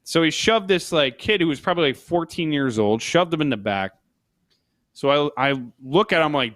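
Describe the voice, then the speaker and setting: A man's voice: on the high side, animated, normal speed, a bit bright, no echo. A man co-hosting a podcast, telling a rambling story in casual chat, laughing as he goes. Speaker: podcast co-host.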